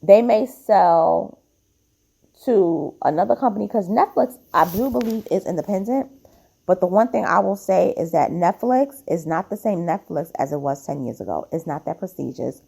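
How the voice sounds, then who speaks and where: A woman's voice: fairly low pitch, animated, normal speed, creaky, dark tone, slightly rough. A woman hosting her own podcast, giving blunt, chatty opinions full of "like" fillers, sounding tired. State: tired, yawning. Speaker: podcast host. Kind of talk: casual opinion commentary.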